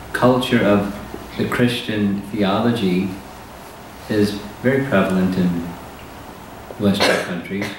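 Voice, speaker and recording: A man with a somewhat low voice teaches scripture slowly and deliberately, pausing often between phrases. He sounds far from the microphone, in a strongly echoing hall with a faint hiss behind him. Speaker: spiritual teacher. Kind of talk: scripture lecture.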